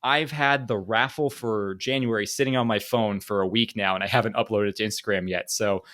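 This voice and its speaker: A man's voice: on the low side, fairly even intonation, fairly quick, fairly bright tone. Rambling, joking male podcast host. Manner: rambling, joking, laughs often. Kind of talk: casual chat.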